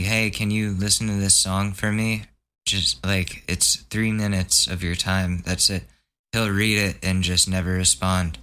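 A man's voice: lowish voice, sharp tone. A young man hosting a podcast, telling a long profane story in a casual, exasperated way and mocking others in put-on voices. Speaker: podcast host. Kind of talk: casual ranting monologue.

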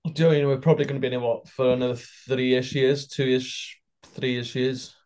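A man's voice: medium pitch, level tone, normal speed, a little mellow. A man co-hosting a podcast, talking in an easygoing casual way with the odd swear. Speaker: podcast co-host. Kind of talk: casual chat.

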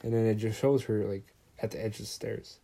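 A man's voice: lowish voice, steady tone, a little fast, vocal fry, mellow. A young man casually recapping a movie on his podcast, rambling, swearing often and quoting the characters. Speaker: podcast host.

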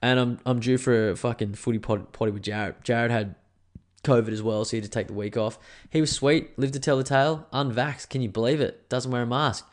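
A man's voice: mid-range voice, fairly even intonation, a little fast. A man with an Australian accent hosting a solo podcast, ranting angrily and swearing as he rambles. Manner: angry, profane, rambling. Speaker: podcast host.

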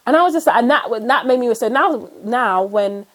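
A woman's voice: fairly high pitch, animated, moderate pace. A woman, co-hosting a podcast, telling stories in casual chat and acting out what people said. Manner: chatty storyteller, acts out what people said. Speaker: podcast co-host.

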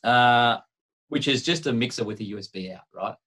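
A man's voice: medium pitch, moderate pace, bright, forceful tone. A man with an Australian accent, co-hosting a tech podcast in a rambling, joking, conversational way. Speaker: podcast co-host. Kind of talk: casual chat.

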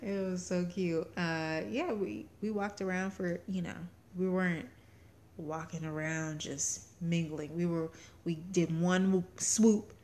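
A woman's voice: fairly low pitch, steady tone, slow pace, a little mellow, slight background noise. A young woman co-hosting a casual chat show, telling family stories in a chatty way and laughing often. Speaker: podcast co-host.

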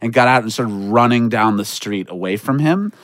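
On a podcast, a man animatedly tells a comic story, acting out voices with shouts and laughter. His voice is mid-range and he speaks at a normal speed.

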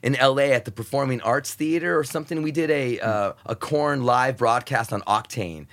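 A man's voice: mid-range voice, normal speed. A man who hosts satellite radio, a guest on a podcast, telling stories in a casual, profane way and acting out the voices of crowds and crews. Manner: animated, profane, acts out crowd and crew voices. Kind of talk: casual storytelling interview.

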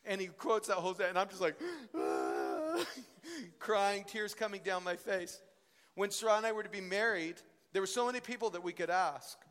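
A young man teaching at a ministry school, telling stories in an animated preaching style. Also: high-pitched, brisk. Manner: animated storytelling, voice rising and falling with emotion. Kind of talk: sermon. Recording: long hall reverb.

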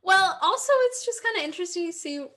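A woman's voice: extremely high pitch, lively intonation, quick pace, a bit bright. A woman in her twenties from the Philadelphia area, co-hosting a podcast and telling rambling anecdotes full of quoted dialogue. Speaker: podcast co-host. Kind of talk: casual chat.

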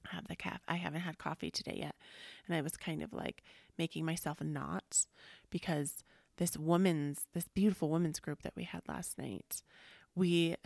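A woman hosting a casual spiritual talk podcast, rambling and chatty, sometimes dropping to a soft near-whisper. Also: deep voice, gravelly, no room sound, studio quality. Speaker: podcast host.

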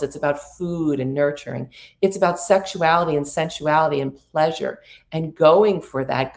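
A woman's voice: low voice, a little mellow. A middle-aged woman giving a spiritual prosperity coaching talk about astrology, speaking in an earnest, soothing way with playful asides.

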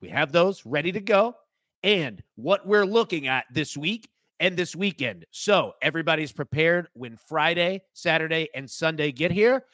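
Male sports-betting co-host; a bit high-pitched, easygoing chatter on a dry studio mic. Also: animated, normal speed, fairly bright tone, no echo. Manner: laid-back, conversational, pitchman. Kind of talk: casual sports betting chat.

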